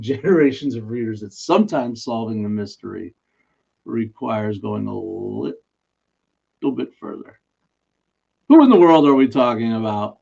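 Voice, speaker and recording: Gravelly, chatty live-stream host guy. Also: mid-range voice, dark tone. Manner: chatty, self-mocking, laughs often mid-sentence. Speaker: live stream host running a daily trivia guess. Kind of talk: casual live-stream chat. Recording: dull lo-fi stream audio.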